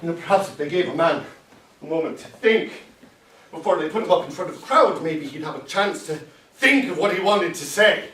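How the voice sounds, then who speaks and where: A bitter, tipsy immigrant captain, played by a man, rambles sardonically over his drink in a solo stage monologue. His voice sits high and carries a lilt. It echoes in a roomy space, caught from some distance off the mic. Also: fairly quick, fairly bright tone, slight background noise, close to an everyday voice. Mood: sardonic. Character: bitter Irish immigrant Civil War captain, drinking alone. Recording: roomy echo from far off.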